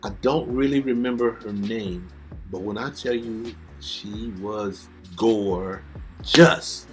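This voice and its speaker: A man's voice: fairly low pitch, slow pace, faint music behind. A middle-aged man, a backup vocalist, telling stories casually and animatedly, acting out the people he quotes. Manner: animated, acts out quoted voices. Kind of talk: casual storytelling.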